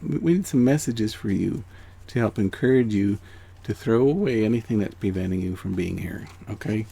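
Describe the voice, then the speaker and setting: A man's voice: lowish voice, moderate pace, vocal fry, husky. A man giving a heartfelt spiritual reading to viewers, earnest and encouraging, who often checks in with "okay?". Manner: earnest, encouraging, drops to hushed near-whispers then rises to excited emphasis; repeats phrases and checks in with "okay?". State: emotional. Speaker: angel card reader.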